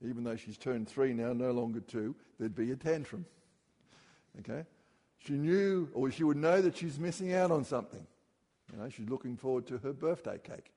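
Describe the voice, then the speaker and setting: Animated preacher man. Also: mid-range voice, moderate pace, long reverb tail. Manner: animated preaching, rising loudly on scripture quotes. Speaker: pastor. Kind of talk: sermon.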